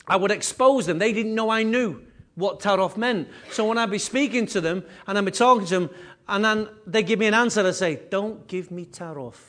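A man preaching a sermon as pastor, animated and repetitive, with conversational asides. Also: high voice, a little fast. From England.

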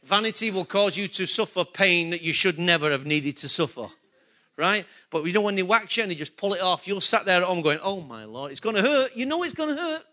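A man's voice: sits high, lively intonation, fairly quick, bright, forceful tone. A man preaching a sermon, talking conversationally and throwing questions at the congregation. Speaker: pastor.

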